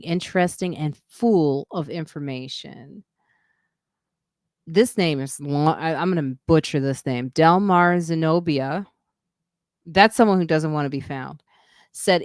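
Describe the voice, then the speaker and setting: A woman's voice: sits low, no echo, clean studio sound. A woman hosting her own podcast live stream, rambling through asides and emphatic comments in casual chat.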